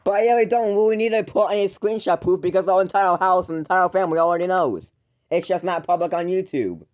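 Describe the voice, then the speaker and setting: A man's voice: high-pitched, fast, darkish tone. A man ranting into the camera to call out his brother, stumbling and restarting often, mocking and exasperated. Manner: rambling, with frequent stumbles and restarts. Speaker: YouTuber calling out his older brother.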